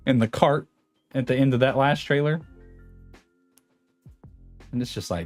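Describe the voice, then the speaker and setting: A man's voice: a little high, very animated, unhurried, pauses often, faint music behind. A man in his late twenties chatting casually on a livestream, rambling and reading viewer comments aloud. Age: late 20s. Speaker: streamer host.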